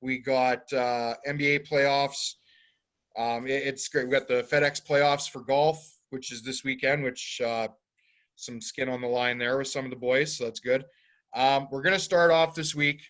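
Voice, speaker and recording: A man's voice: medium pitch, fairly even intonation, measured pace, a bit bright. Man rattling off a loose sports rundown. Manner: loose, filler-heavy rundown of sports news. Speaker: podcast co-host. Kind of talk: casual sports talk.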